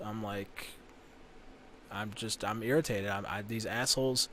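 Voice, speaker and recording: A man's voice: lowish voice, steady tone, moderate pace, a bit bright, slight background noise. A man telling a long personal story on a podcast in a blunt, profane, casual way. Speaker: podcast guest.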